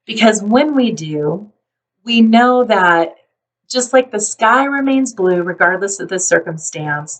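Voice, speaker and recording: A woman psychologist calmly explaining parenting and resilience, now and then acting out a worried parent. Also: lowish voice, distant mic, rough recording. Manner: calm, explanatory, acts out worried parents in quick asides. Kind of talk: talking to camera about parenting.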